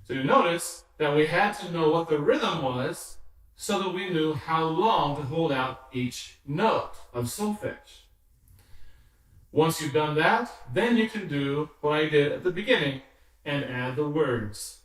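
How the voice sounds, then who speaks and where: A man teaching basic music, speaking slowly and patiently in a fairly high voice. He is picked up from a little way off in a very echoey room, and the reverb rings behind every word. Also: expressive. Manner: patient, counts rhythms and sings solfege aloud. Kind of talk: slow instructional explanation. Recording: very echoey room, somewhat distant mic.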